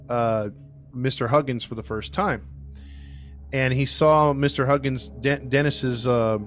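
A man hosting a true crime podcast, telling the case in a casual, animated way and acting out what people said. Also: medium pitch, slight background noise. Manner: animated, acts out quoted people, laughs often. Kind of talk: casual storytelling.

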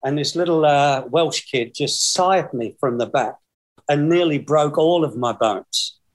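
A man's voice: a little high, measured pace. Rambling Australian man telling stories. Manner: rambling, chuckles through his anecdotes. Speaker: guest. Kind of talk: casual storytelling.

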